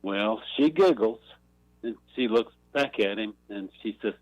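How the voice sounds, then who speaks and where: A man calling a talk radio show and slowly telling a long joke, clearing his throat along the way. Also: fairly low pitch, darkish tone, no echo, dull audio. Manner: slow rambling storyteller, clears throat. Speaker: caller.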